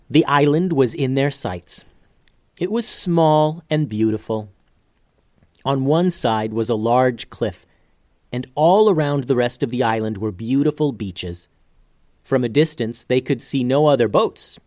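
A man's voice: mid-range voice, darkish tone, no room sound. Man narrating a storybook, dry sound.

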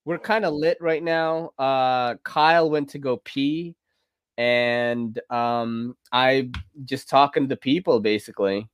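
A man's voice: medium pitch, slow pace, smooth, dry recording. A man hosting a podcast while drunk, rambling casually between laughs and curses. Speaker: podcast host.

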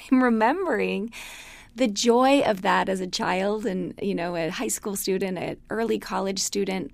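A middle-aged woman gives a casual spoken lecture, drifting into a folk tale as she chats. Her voice carries a gravelly fry, and it sits dry and close to the mic. She laughs easily as she talks. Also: mid-range voice, dry recording. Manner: chatty, storytelling, laughs often. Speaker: class instructor.

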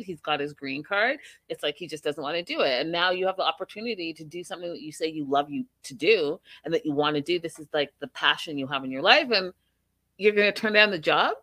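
Chatty woman recapping reality TV. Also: dry recording. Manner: chatty, animated, acts out quotes with rising pitch. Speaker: podcast host reviewing reality TV. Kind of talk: casual recap and commentary.

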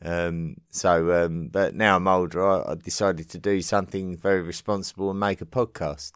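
An English man hosting a podcast, answering listener messages in a casual, halting way with frequent ums and restarts. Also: sits low, flat delivery, clean tone, no echo, studio quality. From England. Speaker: podcast host. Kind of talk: casual listener-mail segment.

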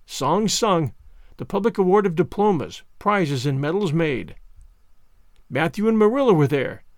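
Expressive man reading a classic story. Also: high-pitched, no room sound, studio quality. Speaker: audiobook narrator.

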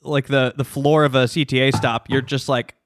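A man's voice: mid-range voice, flat delivery, normal speed, no echo, clean studio sound. A man hosting a podcast, chatting loosely and jumping in with comments and questions. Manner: chatty, interjecting, loose phrasing. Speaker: podcast host. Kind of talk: casual chat.

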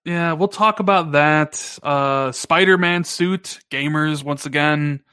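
A man co-hosting a gaming podcast, chatting casually and needling his co-host. His voice sits a little high and leaps higher when he jokes. The sound is dry and close, with no room around it. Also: slow, clear, resonant tone, no room sound. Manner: animated, teasing, pitch jumps up when joking.

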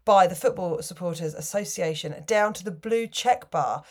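A woman's voice: on the low side, normal speed. A woman co-hosting a podcast, chatting casually about football and thinking aloud in a wry way. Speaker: podcast co-host.

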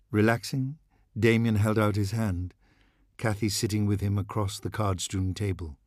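A man narrating a dark novel as an audiobook, in a measured, dramatic storytelling style. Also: lowish voice, fairly even intonation, no room sound, studio quality.

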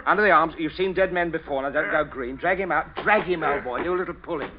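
A man's voice: on the high side, quick pace, noisy background, close to an everyday voice. An actor playing a genteel, coldly menacing father who chuckles and threatens politely, in 1940s radio acting. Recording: dull old radio recording.

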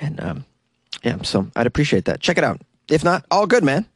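A man's voice: on the high side, big pitch swings, fairly quick, gravelly, breathy edge, dry recording. A young man with a Boston accent hosting a solo podcast from a small closet studio, joking and self-deprecating with frequent laughs. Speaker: podcast host. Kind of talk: casual solo podcast chat.

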